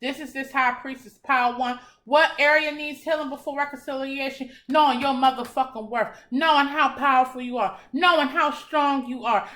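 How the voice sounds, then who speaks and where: A woman's voice: high-pitched, sharp tone. A young woman giving a tarot reading in a casual, blunt and encouraging way, swearing freely. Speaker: tarot reader.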